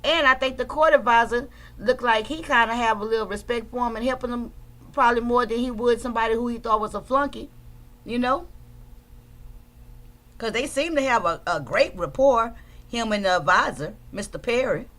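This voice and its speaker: A woman's voice: a little high, normal speed, fairly bright tone. A woman streaming live, casually commenting on a court case to her viewers in an emphatic, talkative manner. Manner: chatty, emphatic, addresses viewers as y'all.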